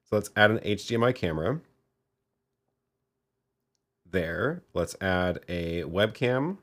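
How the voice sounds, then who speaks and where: A man's voice: low-pitched, expressive, takes it slowly, fairly bright tone. A man hosting a live tech demo, talking casually as he tries things and thinks aloud. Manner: thinking aloud, trailing off with restarts. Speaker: livestream host demoing video gear.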